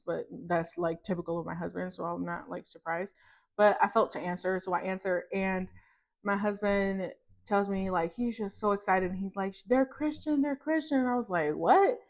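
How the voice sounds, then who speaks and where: A woman in her thirties, a podcast host, telling a personal faith testimony in casual chat, animated and rambling with many fillers and restarts. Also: mid-range voice, vocal fry. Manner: animated, acts out her own reactions in quotes.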